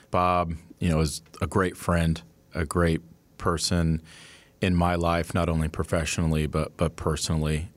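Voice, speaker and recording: A man's voice: a bass voice, no echo. A man who works in team communications, speaking earnestly about a mentor with many "like" and "you know" fillers. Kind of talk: reflective interview remarks.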